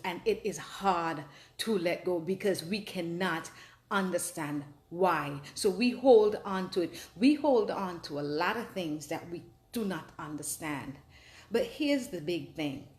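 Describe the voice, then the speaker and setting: A woman's voice: on the low side, a little mellow, echoey room. A woman hosting a personal advice talk, telling her own story earnestly and with animation. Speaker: host.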